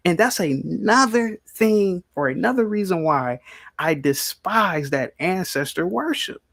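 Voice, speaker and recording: A man's voice: sits high, animated, a little slow, vocal fry, fairly bright tone. A man hosting a heated live-stream debate, combative and repeating his questions insistently. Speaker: podcast host.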